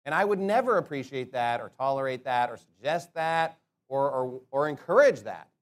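A man preaching a sermon, asking rhetorical questions and slowing down to stress his points. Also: mid-range voice, lively intonation. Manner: emphatic, rhetorical questions, slows to stress words.

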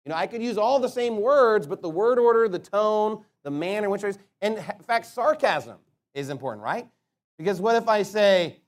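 A man preaching a sermon, asking rhetorical questions and slowing down to stress his points. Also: high voice. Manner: emphatic, rhetorical questions, slows to stress words.

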